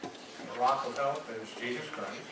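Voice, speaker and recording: A man preaching a sermon in a slow, deliberate way, with emphatic rises and repeated words. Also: mid-range voice, fairly bright tone. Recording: echoey hall, speaker far from mic, faint hiss.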